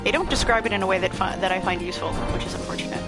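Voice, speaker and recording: A woman's voice: medium pitch, very fast. A young woman streaming a video game, chatting playfully and poking fun at herself. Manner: chatty, self-deprecating, playful. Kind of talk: casual gameplay commentary. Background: game music.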